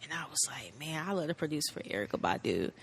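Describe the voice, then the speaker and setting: A woman's voice: deep voice, very animated, quick pace, a little hiss or hum. A woman in her thirties from North Carolina, a musician guest telling her story in a laid-back way, filling it with "like" and acting out old conversations. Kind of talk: casual storytelling.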